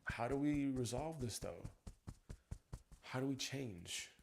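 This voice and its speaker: Brief: male coach, middle pitch, gravelly, emotional confessional monologue. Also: expressive, slow pace, slight background noise. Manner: raw, profane, swinging from ranting to quiet reflection. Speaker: EFT tapping coach.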